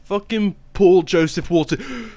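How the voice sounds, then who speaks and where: A male comedy YouTuber talks in a slow, low, mumbling way. His casual asides come out at an unhurried pace. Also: warm tone, muffled recording.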